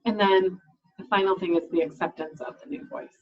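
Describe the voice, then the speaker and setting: Husky-voiced woman explaining voice therapy. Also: fairly low pitch, steady tone, brisk, highs cut off. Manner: explanatory, with frequent "um" fillers and restarts. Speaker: speech language pathologist. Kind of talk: informational talk to camera.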